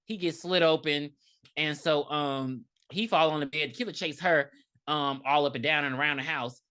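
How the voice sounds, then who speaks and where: A woman co-hosting a podcast, retelling a film in casual, profane, lively chat. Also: low-pitched, moderate pace. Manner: animated, profane, laughing storyteller. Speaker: podcast co-host. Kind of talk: casual movie recap chat.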